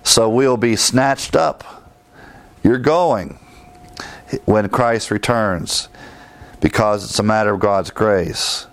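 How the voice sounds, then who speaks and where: A man's voice: fairly low pitch, steady tone, takes it slowly, a bit bright, slight background noise. A man teaching a sermon, emphatic, repeating key phrases and citing scripture verses. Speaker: preacher.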